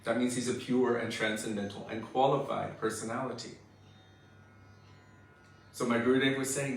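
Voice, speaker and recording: A man's voice: mid-range voice, steady tone, normal speed, long pauses. Emphatic male spiritual teacher, echoey. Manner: earnest, emphatic, forceful preaching. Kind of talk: devotional scripture lecture. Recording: very echoey room, mic far off.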